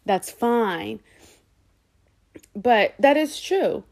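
A fairly high-voiced woman talks straight into the mic for her own podcast. Her delivery is loose and unscripted, with slang and cursing throughout. When she quotes other people, she briefly takes on their voices. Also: extremely slow, vocal fry, slight background noise. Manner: candid, slangy and profane; animated, slips into voices when quoting people. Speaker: podcast host. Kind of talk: casual solo podcast monologue.

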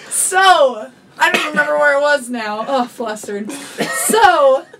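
A woman's voice: high-pitched, slow pace, fairly bright tone, recorded from a distance, slight background noise. A middle-aged woman chatting as a podcast guest, laughing often and telling a story with acted-out voices. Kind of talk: casual chat.

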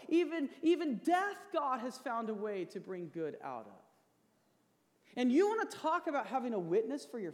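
A male pastor in his thirties preaching a sermon, earnest and building to emphatic peaks. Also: extremely high pitch. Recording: long hall reverb.

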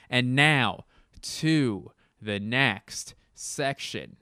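A young adult podcast host sits at home in his bedroom, telling a rambling, profane, self-mocking comedic story as a casual monologue. His mid-range voice is a bit bright and clean, at a moderate pace, in a dry recording with clean studio sound.

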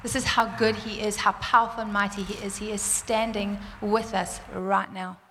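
A woman telling a church congregation a personal testimony, animated and fervent, laughing often. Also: mid-range voice, normal speed, a little hiss or hum. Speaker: church speaker sharing a testimony. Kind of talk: sermon testimony. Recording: roomy church hall reverb, faint ambience.

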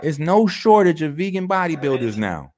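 A man's voice: fairly high pitch, sing-song, normal speed, darkish tone, faint music behind. Emphatic slangy man riffing on videos. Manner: emphatic, slangy and profane, repeats phrases for effect. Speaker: video host. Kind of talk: casual commentary reacting to videos.

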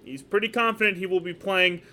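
High-voiced dude on a sports podcast, joking around, repeats stuff a lot. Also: male voice, fairly quick. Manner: animated, joking, repeats himself. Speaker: podcast co-host. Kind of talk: casual sports podcast chat. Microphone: podcast microphone.

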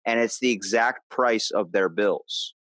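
Low-voiced man rambling through a story. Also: measured pace, a bit bright, no echo. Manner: rambling storyteller, restarts and retells plots. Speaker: podcast host. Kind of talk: casual chat.

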